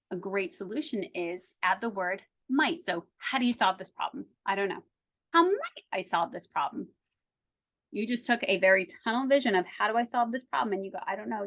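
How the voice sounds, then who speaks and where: Enthusiastic woman coach, lively. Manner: enthusiastic, acts out inner voices with quick pitch jumps. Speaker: success coach. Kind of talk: podcast interview.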